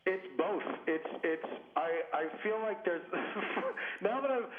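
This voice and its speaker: A man's voice: high voice, lively intonation, slow pace. A comedian phoning in, rambling and self-mocking, often laughing at his own jokes. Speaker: comedian guest. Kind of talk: phoned-in comedy chat. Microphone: phone. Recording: muffled echoey phone line with noise.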